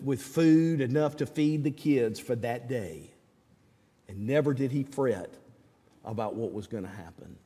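A man preaching a sermon in a folksy manner, dropping his voice low and soft on key words and rising high when he quotes others. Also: long reverb tail. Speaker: pastor.

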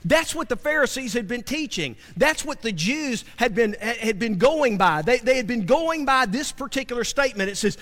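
Guy pastor preaching a sermon, high bright voice, keeps asking the crowd questions, big echoey church. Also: animated, normal speed, few pauses. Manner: preaching with repetitions and rhetorical questions to the congregation. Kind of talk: sermon with opening prayer. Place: church sanctuary.

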